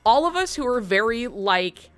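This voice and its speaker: A woman's voice: a little high, moderate pace, faint music behind. Rambling, laughing woman streamer. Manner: rambling and animated, with frequent laughter and swearing. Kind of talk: casual storytelling to stream chat.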